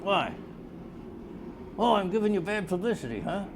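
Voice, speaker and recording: Gravelly blustery older man ranting. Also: high-pitched, sing-song, moderate pace, background noise. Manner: rambling, blustery, easily sidetracked. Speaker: comedy character newscaster. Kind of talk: improvised comedic monologue.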